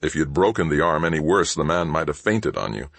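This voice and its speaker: A man playing a sardonic spacefarer who threatens in an easy, conversational way, in a very deep voice. His lines rise and fall with lively inflection, recorded close and dry. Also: fairly quick, gravelly, dry recording, full character voice. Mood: calm menace. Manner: conversational, dryly mocking threats. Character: cool, menacing male shipmaster, sardonic and unhurried. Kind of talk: audiobook character voice.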